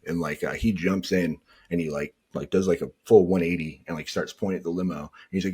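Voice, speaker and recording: A man's voice: sits low, fast, few pauses, breathy edge. A man, a podcast guest, telling a story in a rambling, casual way, packed with "like" and filler words. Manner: rambling, filler-heavy, lots of "like".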